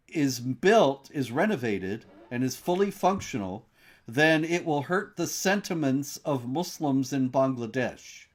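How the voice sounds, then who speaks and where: A man hosting a news commentary discussion, laying out stories in a measured, reporting style with fillers. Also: fairly high pitch. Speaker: host.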